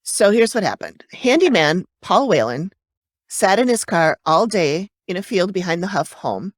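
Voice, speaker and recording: Low-voiced woman chatting on a podcast. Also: big pitch swings, moderate pace, no room sound, studio quality. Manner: chatty, hesitant, frequent fillers and restarts. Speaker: podcast co-host. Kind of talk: casual true-crime podcast chat.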